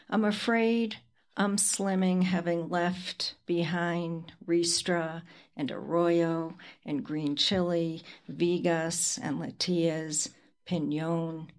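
A woman reading her own poems aloud at a reading, in a slow, measured recitation. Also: on the low side, steady tone. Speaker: poet. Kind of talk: poetry reading.

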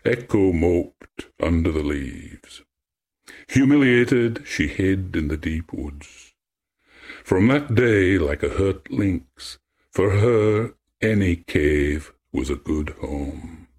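Slow, deep-voiced man reading a myth. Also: lively intonation, a little mellow. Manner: slow, measured, poetic. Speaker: storyteller.

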